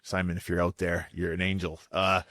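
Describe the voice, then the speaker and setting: Man, low voice, dry close sound, energetic podcast storyteller. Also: no room sound. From Vancouver, Canada. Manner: animated, fast storyteller who swears freely. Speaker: guest chef.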